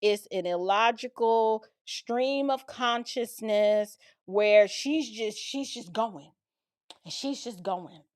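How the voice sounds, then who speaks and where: A woman's voice: fairly high pitch, slow, darkish tone. A middle-aged woman giving blunt, emphatic reaction commentary in casual, colloquial speech. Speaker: political and cultural commentator.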